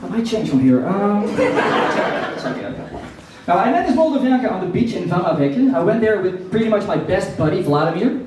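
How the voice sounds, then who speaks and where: A man's voice: sits high, big pitch swings, brisk, noisy background. A man doing a stand-up comedy set, telling self-mocking stories with acted quotes, in a café with a live audience. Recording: echoey room, distant mic, crowd laughter.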